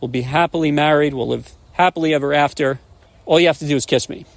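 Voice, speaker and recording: A man's voice: a little high, quick pace, creaky, no echo. A man voicing a frog who claims to be an enchanted young princess, coaxing and insistent while telling a joke.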